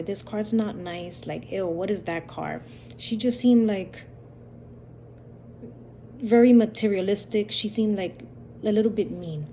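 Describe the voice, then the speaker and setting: A woman with a mellow, warm voice tells a story from a dream in a loose, repetitive way, slipping into the quoted lines of the people in it. Her pitch sits in the middle range. A faint hiss runs under the recording. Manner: rambling, repetitive retelling with quoted dialogue. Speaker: channel host. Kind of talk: casual storytelling about a dream.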